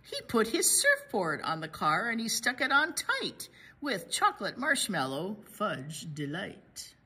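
A woman's voice: mid-range voice, huge pitch swings, unhurried, pushed and bright, breathy edge. A woman hosting a library storytime, reading a picture book aloud to children with playful sound effects.

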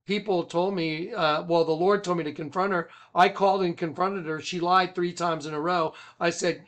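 A man who leads a ministry, telling a rambling personal story with emphatic swings from loud to hushed. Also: high-pitched, fairly even intonation, normal speed, hardly any pauses. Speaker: ministry leader.

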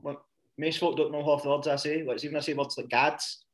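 A man with a North Ayrshire Scottish accent, hosting a podcast and telling stories with lively, sweary energy. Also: a little high, a little fast. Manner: animated storyteller, swears and mimics people. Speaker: podcast host. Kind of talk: casual chat.

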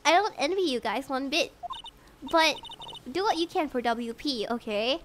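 Giggly high-voiced young woman streamer. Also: expressive, moderate pace, background noise. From Singapore. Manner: giggly, chatty, rambling. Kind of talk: casual livestream chat.

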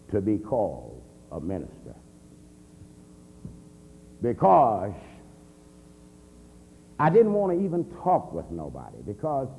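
A man, an assistant pastor, telling his conversion story as a convention sermon, swinging from a low murmur to heated near-shouts. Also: gravelly. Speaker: minister giving testimony. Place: large convention hall. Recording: reverberant hall with faint hum.

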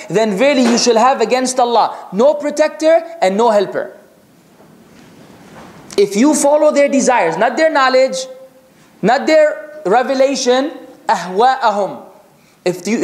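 A man preaching a religious lecture, reciting Arabic scripture rapidly and asking rhetorical questions. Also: extremely high pitch, reverberant. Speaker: Islamic preacher.

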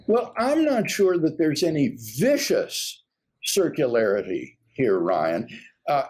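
Slow, husky-voiced man speaking deliberately. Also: medium pitch, darkish tone. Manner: deliberate, careful phrasing. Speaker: guest philosopher. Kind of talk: measured spoken rebuttal in conversation.

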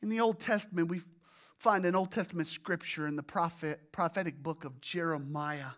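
A pastor preaching a sermon, swinging from hushed, low passages to loud exclamations and acted groans. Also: normal speed. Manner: illustrates with everyday examples and acted groans.

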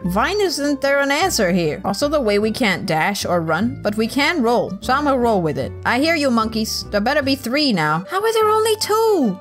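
A woman narrates her gameplay in a loose, chatty way, talking straight to the characters and cursing freely. Her voice sits high and swings widely in pitch, with faint music playing underneath. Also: a bit bright. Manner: chatty, talks to game characters, swears and laughs often. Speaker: let's play gamer. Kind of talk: casual gameplay commentary.

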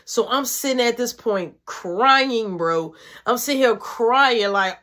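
A woman's voice: mid-range voice, normal speed, a bit bright. A woman telling a personal story in casual, slangy, profane speech.

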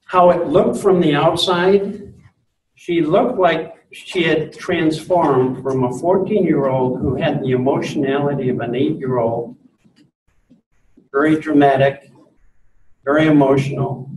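An earnest man giving a spiritual talk in a hall, gently insistent and repeating himself for emphasis. His voice sits a bit high. The sound is roomy, picked up from some distance away. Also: a little slow, slight background noise. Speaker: speaker on spirituality.

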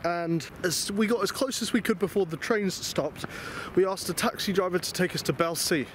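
A man's voice: sits high, normal speed, a little hiss or hum. A young man from England with an English accent, telling a travel mishap to camera in an exasperated, rambling, self-mocking way, recorded outdoors at night in a city. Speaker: travel vlogger. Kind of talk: casual storytelling to camera.

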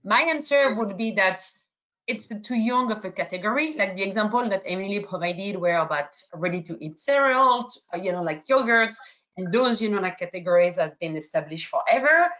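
A woman's voice: medium pitch, lively intonation, normal speed, a bit bright, lo-fi sound. A woman from France with a slight French accent, moderating an online webinar Q&A in a hesitant way, full of fillers and restarts.

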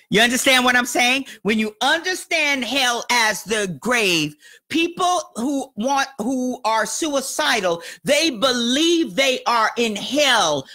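Woman pastor, bright tone, slow unhurried teaching, chatty with frequent laughs and check-ins. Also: on the high side. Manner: conversational, asks "you understand what I'm saying?", laughs often. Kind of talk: sermon teaching. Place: church or teaching room with a small audience.

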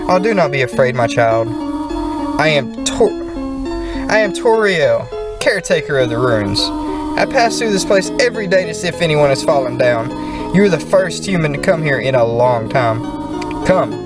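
A kindly, motherly goat woman from a video game, put on by a man. She speaks in formal, unhurried phrases with a lively, varied pitch. Game music plays softly behind her. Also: distant mic.

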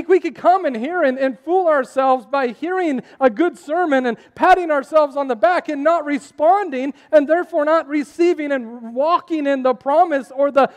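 High-voiced preacher man in an echoey hall. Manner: animated preaching, asks the crowd questions. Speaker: pastor. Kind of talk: sermon.

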